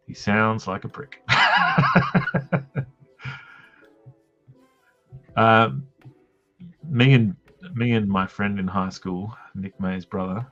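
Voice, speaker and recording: A man's voice: sits low, vocal fry, fairly bright tone. A man hosting a drawing live stream, telling self-mocking jokey anecdotes in casual chat. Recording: dull lo-fi stream audio with faint music.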